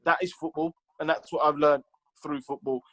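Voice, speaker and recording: A chatty man recounting his football career as a guest in an interview. His voice sits a little high for a man, and he fills his talk with "like" and "you know" while he acts out other people's lines. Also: flat delivery, moderate pace, fairly bright tone, low-quality recording. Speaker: former professional footballer, guest. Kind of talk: casual interview storytelling.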